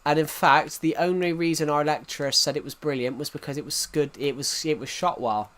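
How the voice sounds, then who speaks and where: A man's voice: a little high, a little fast, fairly bright tone. Rambling young streamer guy. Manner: rambling, many restarts and fillers, chatting to viewers. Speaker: gaming streamer. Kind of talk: casual live-stream chat.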